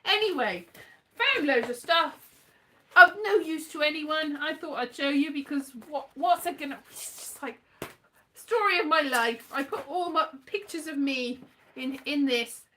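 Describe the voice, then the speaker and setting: A woman's voice: high-pitched, moderate pace, sharp tone, a little hiss or hum. A woman chatting casually in a rambling, giggly vlog. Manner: rambling, chatty, laughs often. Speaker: vlogger. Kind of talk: casual chat.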